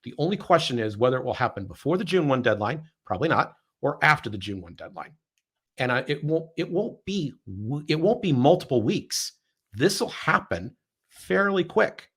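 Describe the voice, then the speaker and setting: A man's voice: medium pitch, big pitch swings, normal speed, a bit bright, husky. A man hosting a political podcast, sarcastic and emphatic, often repeating words as he builds a point. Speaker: podcast host. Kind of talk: political commentary chat.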